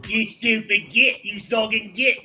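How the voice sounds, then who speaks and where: A man's voice: sits high, fairly even intonation, unhurried, soft background music, exaggerated voice, rough recording. A man playing a rowdy orc hurling insults. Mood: insulting. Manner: hurls shouted insults. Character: brash rowdy male orc warrior, insulting.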